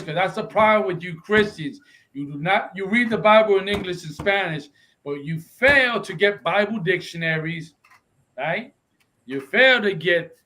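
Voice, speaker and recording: High-voiced man preaching an emphatic Bible lesson. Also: a bit bright, slight background noise, rough recording. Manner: emphatic, keeps asking "right?" for agreement; switches between English and Spanish mid-sentence. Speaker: religious instructor. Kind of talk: confrontational street-style Bible lesson.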